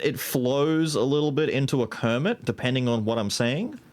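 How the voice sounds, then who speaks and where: A man's voice: medium pitch, moderate pace, few pauses, darkish tone. A man in his thirties streaming a video game, chatting casually and swearing freely. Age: 30s. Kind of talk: casual gaming commentary.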